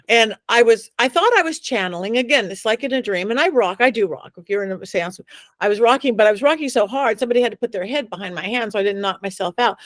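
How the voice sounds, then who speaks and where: Middle-aged woman, interview guest, lively storyteller, slightly high voice, dry close sound. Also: no room sound. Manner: acts out quoted voices, dramatic pauses. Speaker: psychic medium guest.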